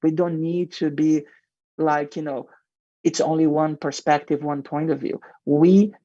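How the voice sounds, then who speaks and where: A man's voice: fairly high pitch, steady tone, measured pace, warm tone, no echo, dull audio. A male marketing executive with a heavy non-native accent, answering radio interview questions in an earnest, explanatory way with frequent fillers.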